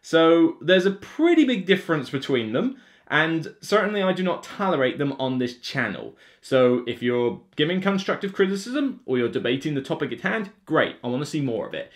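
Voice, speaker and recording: Animated Somerset-accented man. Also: a little high, moderate pace. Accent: Somerset English. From England (Somerset). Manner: animated, rant-like, with many fillers. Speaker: board game video host. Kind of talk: casual video talk to the camera.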